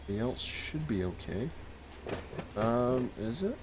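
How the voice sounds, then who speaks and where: A man giving casual, thinking-aloud commentary while playing a train dispatching game, low-key and a bit sleepy. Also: lively intonation, moderate pace, a little mellow, a little hiss or hum. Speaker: streamer.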